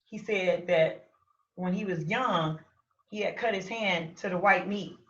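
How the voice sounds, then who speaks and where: A woman recounts her story in an animated way, acting out what she shouted. Her voice is bright and forceful. She sounds distant in a roomy space, on a dull lo-fi recording. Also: fairly low pitch, unhurried. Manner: animated, acts out her own shouts and quotes. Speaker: interview guest. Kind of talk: personal story in an interview.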